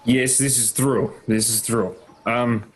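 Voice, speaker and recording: A man's voice: medium pitch, steady tone, takes it slowly, a little hiss or hum. A man playing a tabletop game, chatting playfully with the group. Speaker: player. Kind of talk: casual tabletop game chat.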